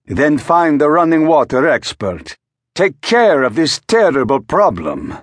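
A man's voice: mid-range voice, sing-song, measured pace, no room sound, voice pushed up. A man voicing a theatrical, vain star tenor. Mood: imperious. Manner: theatrical, fussy, self-important.

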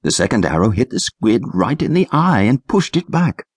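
Husky, lively male audiobook narrator. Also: on the low side, moderate pace, no room sound, clean studio sound. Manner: lively, expressive storytelling. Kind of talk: scripted narration for children.

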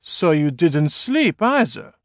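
A man voicing a hulking stitched-together monster father who is stern and gruff, with a rough voice and a heavy accent between German and French. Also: a little high, very animated, takes it slowly, no room sound, studio quality, voice pushed up, heavily acted. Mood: scolding. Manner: commanding, scolding.

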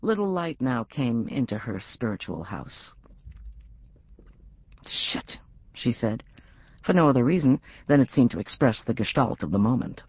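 A middle-aged woman narrating an audiobook in an expressive, wry reading. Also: very deep voice, normal speed, slightly rough, no room sound, highs cut off. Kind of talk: scripted narration.

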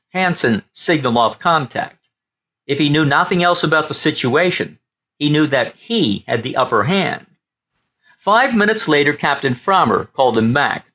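A male audiobook narrator reads a script in a lively, bright voice. His pitch is medium and his pace moderate.

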